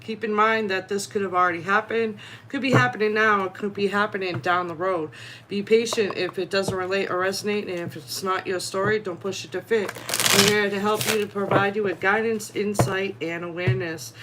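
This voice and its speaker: A woman co-hosting a live tarot reading as a guest reader. She talks in a giggly, quick, chatty way. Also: medium pitch, fairly even intonation, noisy background.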